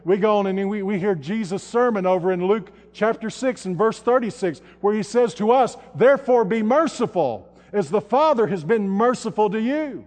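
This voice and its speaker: A man preaching a sermon in a church, building to loud, shouted emphasis and then dropping to hushed, low tones. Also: expressive, normal speed, few pauses. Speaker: pastor. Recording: long hall reverb.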